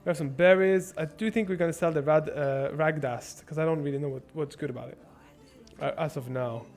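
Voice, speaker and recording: A young man streaming a strategy game, swearing and thinking out loud as he plans and shops. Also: a little high, steady tone, fairly quick, faint music behind. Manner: profane, rambling, thinks out loud. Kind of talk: casual gameplay livestream commentary.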